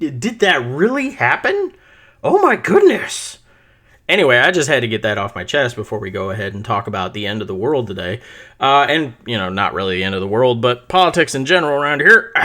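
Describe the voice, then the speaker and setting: A middle-aged man hosting his own podcast, telling a story in a casual, animated solo monologue and swearing freely along the way. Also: mid-range voice. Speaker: podcast host.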